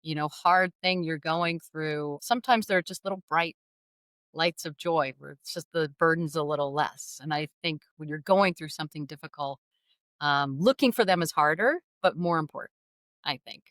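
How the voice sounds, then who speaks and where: A middle-aged woman speaks as an interview guest, sharing a personal story openly and with self-deprecating humor. Her voice sits a little low and stays lively and animated. The sound is close and dry. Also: normal speed, no room sound. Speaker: guest author.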